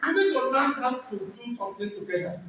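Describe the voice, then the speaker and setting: A man's voice: extremely high pitch, animated, a little fast, heavy background noise. A middle-aged Nigerian man preaching at a church program, exhorting and asking the same questions again and again. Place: large hall, church program. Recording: echoey hall, mic far off.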